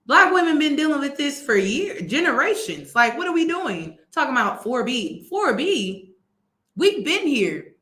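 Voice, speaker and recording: An emphatic woman vlogger with a bright, higher voice gives casual commentary in an echoey room. She is exasperated, slangy and hammers the same point again and again. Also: sing-song, normal speed. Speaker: vlog host.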